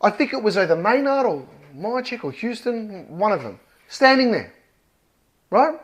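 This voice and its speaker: Australian male fan vlogger, high-pitched, fired up, swears, emphatic ranting review. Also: sing-song, normal speed. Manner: worked up, swears often, punchy and emphatic. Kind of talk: heated match review rant.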